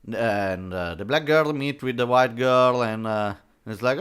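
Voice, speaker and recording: A comic reviewer delivers sarcastic, dismissive commentary on a comic, his speech packed with fillers and restarts. His voice sits in the mid range, slightly bright, clear and resonant, and he takes his time.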